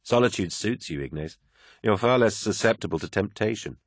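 A man's voice: fairly low pitch, lively intonation, brisk, husky, dry recording, clean studio sound. Man voicing a cheerful teasing woman.

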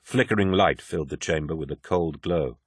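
Man, very deep voice, measured dramatic audiobook narration, dry close recording. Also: slightly rough, no echo.

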